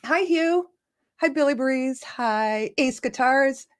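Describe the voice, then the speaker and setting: A woman's voice: high-pitched, lively intonation, slow pace. A woman hosting a casual live stream, chatty and self-joking, laughing often and greeting viewers by name. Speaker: livestream host.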